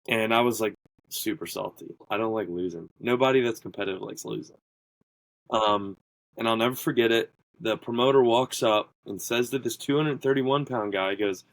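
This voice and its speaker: A man's voice: on the low side, moderate pace, fairly bright tone, no room sound, rough recording. A man who is a strongman athlete, guesting on a podcast and telling stories casually, full of fillers and quoting what people said to him. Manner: rambling, filler-heavy, quotes people in his stories. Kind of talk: casual interview storytelling.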